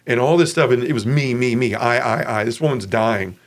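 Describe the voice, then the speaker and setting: A man's voice: mid-range voice, a little fast. A man in his forties from Memphis, giving a frank, casual personal testimony as an interview guest.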